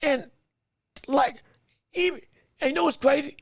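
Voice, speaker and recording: A man's voice: very high voice, measured pace, no echo, clean studio sound. A man hosting a sports podcast, talking animatedly and casually, often repeating words and laughing as he goes. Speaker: podcast host. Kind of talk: solo sports commentary podcast.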